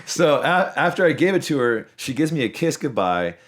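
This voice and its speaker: A man's voice: mid-range voice, very animated, moderate pace, fairly bright tone. A man in his thirties hosting a podcast, telling long, rambling stories in casual chat and swearing freely. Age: 30s. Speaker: podcast host.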